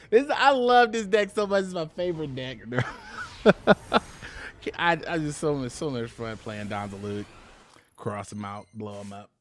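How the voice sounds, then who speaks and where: Animated man streaming a card game. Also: mid-range voice, slow. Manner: animated, laughing, chatty with chat viewers. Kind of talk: live gameplay commentary.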